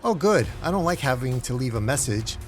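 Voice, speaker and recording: A man's voice: medium pitch, expressive, brisk, soft background music, close to an everyday voice. A man voicing Scarecrow, a sneering male villain, with mocking, gleeful taunts.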